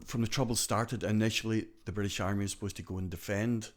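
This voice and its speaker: A man's voice: fairly low pitch, steady tone, fast. Older Glasgow-accented storyteller man, rambling. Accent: Glasgow Scottish. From born in Glasgow, raised partly in Donegal. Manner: rambling, full of "do you know" asides. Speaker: guest storyteller. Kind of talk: conversational podcast storytelling.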